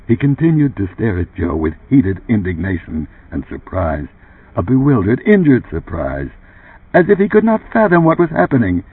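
A man narrates an audiobook with an expressive, dramatic reading. His voice is husky and moves widely in pitch. The recording is dry and thin, like a phone line. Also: moderate pace, no room sound. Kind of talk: scripted narration. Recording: dry, tinny phone-like sound.

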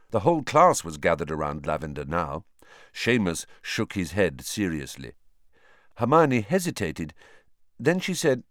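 Lowish male narrator, lively and dramatic, dry booth sound. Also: unhurried, dry recording. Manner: animated, dramatic storytelling. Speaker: audiobook narrator. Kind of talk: scripted narration.

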